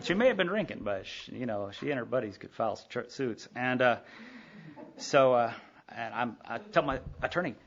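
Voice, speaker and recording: A man, speaking at a recovery meeting, telling his story in a quick, animated way full of asides. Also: medium pitch, creaky, husky. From Sherman, Texas. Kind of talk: personal storytelling talk. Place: meeting hall. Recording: dull lo-fi tape recording.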